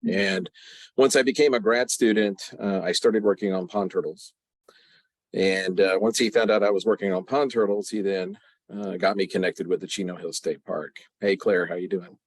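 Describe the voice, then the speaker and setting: A man with a low voice tells a story at an online memorial, halting often and clearing his throat between phrases. The sound is dry and close, with no room echo, as heard on a video call. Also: steady tone. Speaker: memorial speaker, college professor.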